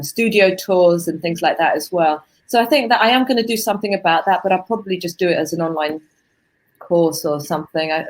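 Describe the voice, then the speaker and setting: Low-voiced woman guest, searching for words. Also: low-quality recording. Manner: thoughtful, searches for words, restarts. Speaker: author and artist coach. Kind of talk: casual video-call interview.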